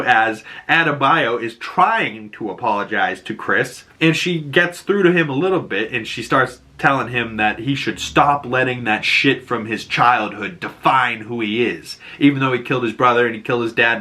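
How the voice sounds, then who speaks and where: A man with a Boston accent casually recapping a TV episode, laughing often and acting out characters' lines in quick bursts. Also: mid-range voice, bright, forceful tone. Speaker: show recap host.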